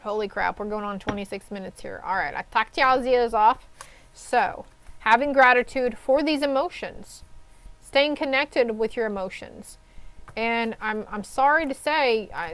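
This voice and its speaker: A woman with a slightly high voice talks her way through a tarot reading in an easygoing, rambling way. She gushes and keeps reassuring her listeners, checking in with them as she goes. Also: rough recording. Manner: chatty, rambling and gushing, reassuring listeners with frequent "okay?". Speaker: tarot card reader. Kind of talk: casual spoken tarot reading.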